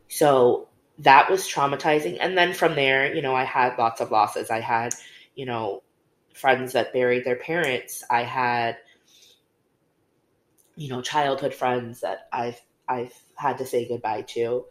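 A woman's voice: a bass voice, steady tone, unhurried. Woman telling a personal story, echoey room. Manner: candid storytelling, many fillers. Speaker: podcast co-host. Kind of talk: casual conversation. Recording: roomy echo.

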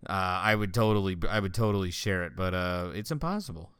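Man, casual chat, profane storyteller, smooth voice, dry sound. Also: low-pitched, brisk, no room sound. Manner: profane, laughing, animated storytelling. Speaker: friend chatting.

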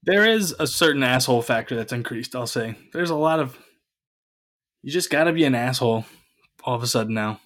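Male podcast co-host, mid pitch, lively intonation, playful and hammy. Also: fairly quick. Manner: playful, hammy, swears casually. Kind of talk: casual chat.

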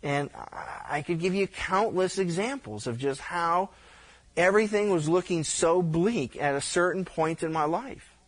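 A man's voice: a little high, unhurried. A middle-aged male pastor preaching a conversational sermon, telling stories with frequent restarts and stammers. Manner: conversational, animated storytelling with repeated restarts.

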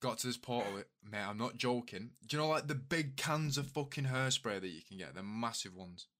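A man's voice: medium pitch, animated, a little fast, a bit bright. A young man on a casual podcast, telling crude jokey army stories. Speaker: podcast co-host and editor. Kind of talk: casual chat.

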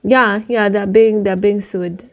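Young woman, Kenyan accent, podcast host, animated, casual, mid-pitched voice. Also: measured pace, a little hiss or hum. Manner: animated, swears freely, mixes English and Sheng. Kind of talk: casual chat.

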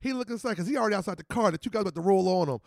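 Fast-talking gravelly New man. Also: high-pitched. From New Jersey. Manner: animated, profane street-slang storytelling. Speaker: podcast host. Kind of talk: casual storytelling chat.

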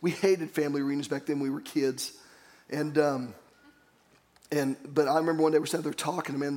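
A man's voice: a little high, darkish tone. A man pastor preaching a sermon, earnest and storytelling, calling on the congregation to repeat phrases after him.

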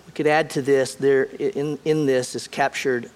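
A man's voice: medium pitch, flat delivery, a little slow, clear, resonant tone. A man preaching a sermon in a conversational way, repeating key words and putting questions to the congregation. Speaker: pastor.

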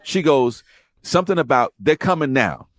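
Man, lively pitch, dry close sound, swearing raconteur host. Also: normal speed, dry recording. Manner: animated, profane, acts out quoted voices. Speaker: podcast host telling rideshare driver stories. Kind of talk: casual storytelling chat.

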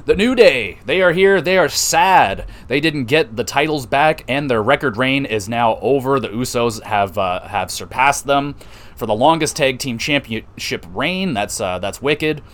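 A man hosting a podcast, recapping wrestling matches in a loose, excitable way, swearing and laughing often. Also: medium pitch, a little slow. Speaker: podcast host reviewing wrestling. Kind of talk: casual recap.

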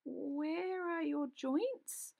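A woman's voice: fairly high pitch, expressive, moderate pace. A woman reading aloud, voicing a timid young girl.

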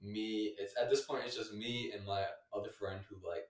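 A young man telling a story in a casual chat, full of filler words, laughing often and going higher when he quotes people. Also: steady tone, normal speed, reverberant, far from the mic.

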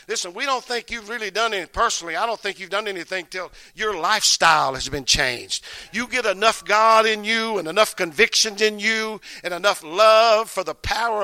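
A man preaching with fervor, his voice high and bright, peppering his words with amens and hallelujahs. The sound is dry and close, with no room around it, and he sometimes sinks into a hushed, intimate scripture reading. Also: no room sound. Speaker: bishop. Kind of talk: sermon.

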